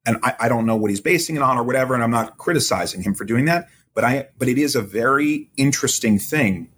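Measured man explaining legal procedure. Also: mid-range voice, animated, fairly bright tone, slight background noise. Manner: measured, explanatory, quotes court transcripts. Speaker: legal expert guest. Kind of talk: podcast interview analysis.

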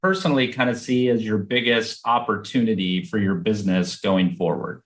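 A man's voice: fairly low pitch, normal speed. A man hosting a business interview, asking questions and giving short encouraging replies. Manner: brief encouraging backchannels. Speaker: interviewer, host. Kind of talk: conversational interview.

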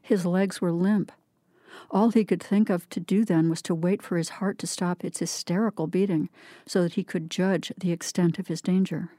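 Low, mellow woman reading fiction. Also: dry recording, studio quality. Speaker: reader. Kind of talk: literary reading.

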